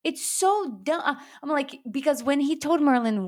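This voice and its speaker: A woman's voice: fairly high pitch, animated, a little fast, few pauses, no room sound, clean studio sound. A woman co-hosting a podcast, bluntly and exasperatedly venting during a casual episode recap. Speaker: podcast co-host.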